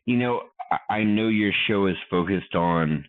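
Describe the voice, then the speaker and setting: A man talking casually as a podcast guest, halting and full of fillers and restarts, heard over a call line. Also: fairly low pitch, dry recording. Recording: tinny phone-line call.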